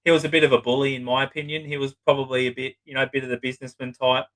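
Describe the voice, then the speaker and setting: A middle-aged man with a bright, forceful voice shares client stories in a loose interview. His talk is blunt and full of profanity. He often slips into acting out what other people said. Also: medium pitch, little pitch movement, rapid-fire, rough recording. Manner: blunt, swears freely, acts out clients' lines. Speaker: psychotherapist guest. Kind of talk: casual storytelling interview.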